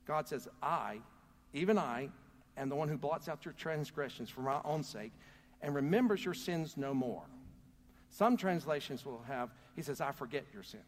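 With an animated, somewhat high voice and a moderate pace, a pastor earnestly delivers a sermon in church and urges the congregation to respond. Long hall reverb surrounds the recording.

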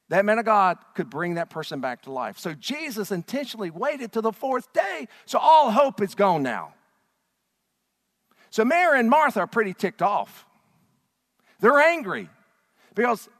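A man preaching a sermon, swinging from hushed, low lines to loud, shouted ones. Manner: dramatic swings from quiet to shouting. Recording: long hall reverb.

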